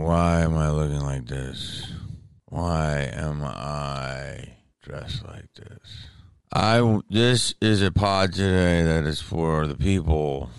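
A tired man hosts his podcast straight out of bed, his voice extremely low and gravelly with fry. He talks candidly and rambles, restarting sentences as he goes. The sound is smooth and resonant, recorded close in a dry room. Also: dry recording. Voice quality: deep morning voice. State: tired, just woke up. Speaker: podcast host. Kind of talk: casual podcast monologue. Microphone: studio microphone.

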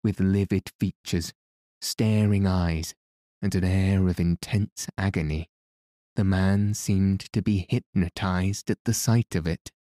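A man narrating a classic adventure story in a measured, even way. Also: deep voice, dry recording, studio quality. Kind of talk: audiobook narration.

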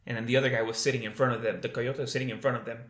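A man's voice: mid-range voice, steady tone, very fast, fairly bright tone. A man, telling a rambling, profane story in casual podcast chat. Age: 30s. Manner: loose, profane, rambling with lots of "like" and "dude". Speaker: podcast guest. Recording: roomy echo.

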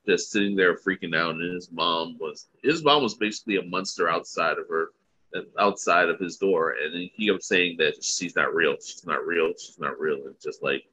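A man's voice: low-pitched, normal speed, sharp tone, husky. A man co-hosting a podcast, talking loosely and casually about an episode, swearing now and then. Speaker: podcast co-host. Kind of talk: casual episode recap chat.

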